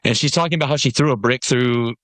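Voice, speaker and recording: With a mid-range voice, a quick pace and no echo, a Nashville, USA man tells a lengthy story as a podcast guest. The conversation is casual, and he animatedly acts out the people he quotes.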